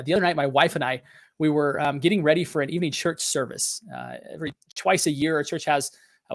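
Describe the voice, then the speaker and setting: Earnest man, fairly high voice. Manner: earnest, confessional, with many fillers and restarts. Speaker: podcast host. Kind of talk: motivational business talk.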